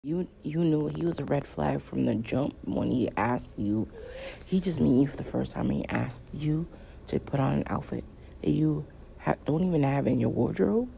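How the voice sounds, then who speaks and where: A woman's voice: moderate pace, a little hiss or hum. A woman hosting a reaction video, commenting casually in a drawling way. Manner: drawling, gravelly, lively pitch.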